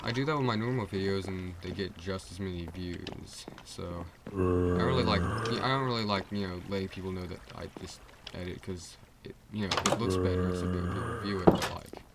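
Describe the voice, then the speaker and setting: A man's voice: sits low, steady tone, moderate pace. A teenage male streamer rambling casually while playing a game, full of fillers and restarts. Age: teens. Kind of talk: rambling gameplay livestream chat. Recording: loud background noise.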